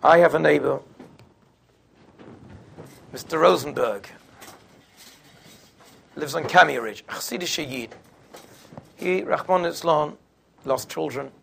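A man's voice: a little high, slow pace, creaky, pauses often, fairly bright tone, slight background noise. A man giving a sermon, telling stories in a conversational way. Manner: conversational, sprinkles in Yiddish and Hebrew terms. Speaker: religious speaker. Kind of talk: storytelling sermon.

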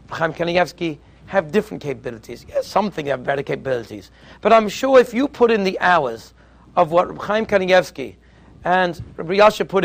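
A man giving a Torah lecture as a teacher, an emphatic and animated storyteller. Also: sits high, vocal fry.

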